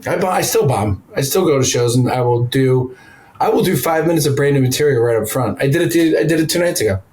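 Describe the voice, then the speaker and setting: A man's voice: mid-range voice, animated, fast talker, darkish tone, rough recording. A man who is a stand-up comedian, chatting casually as a podcast guest and telling loose, rambling stories with blunt profanity.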